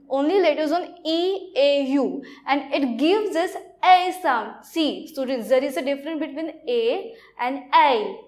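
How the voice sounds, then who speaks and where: A woman with an Indian accent teaches a language lesson in a high voice. She speaks slowly and halts often, repeating phrases as she explains each point. The delivery is plain classroom lecturing. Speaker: French teacher.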